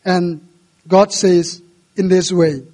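A man with a high, light voice preaches a sermon in earnest. He rises and grows louder when he quotes scripture, and his English phrasing is not a native speaker's. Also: fairly even intonation, slow. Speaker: pastor.

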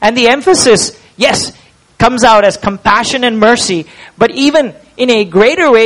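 A man preaches in a voice pitched well above most men's. He is emphatic, drawing words out to stress the point and putting rhetorical questions to his listeners. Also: normal speed, fairly bright tone, rough recording. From India. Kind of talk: expository sermon.

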